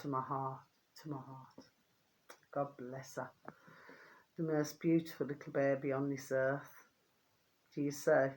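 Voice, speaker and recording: Chatty woman, rambling and hoarse. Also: rumbling low, little pitch movement, measured pace, pauses often, darkish tone, slight background noise. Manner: affectionate, rambling, keeps asking "do you see what I mean". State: getting hoarse. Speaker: vlogger. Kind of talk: casual chatty vlog to viewers.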